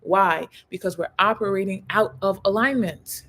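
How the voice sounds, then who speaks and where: A woman's voice: medium pitch, moderate pace, fairly bright tone. A woman in her thirties, a coach, talking casually to camera in an emphatic, conversational way, leaning on slang and repeating key words for weight. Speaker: human design coach. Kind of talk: casual direct-to-camera talk.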